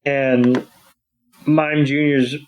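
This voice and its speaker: Slow, rambling man in the middle range. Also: medium pitch, little pitch movement, clear, resonant tone, rough recording. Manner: rambling, many ums and restarts. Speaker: podcast co-host. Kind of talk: casual episode recap.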